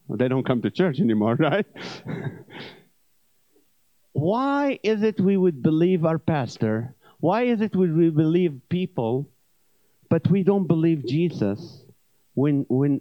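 A man who is an evangelist, delivering a comedic sermon at a church service in an animated, joking way. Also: a little high, no echo. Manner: animated, joking, swings between loud punchlines and quiet asides. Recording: dull dry lo-fi sound.

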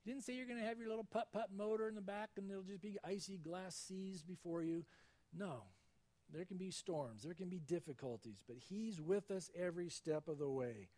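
Delivering a sermon at a moderate pace, this pastor has a notably high but mellow voice. He reads passages of scripture aloud and dramatizes stories, his tone changing expressively.

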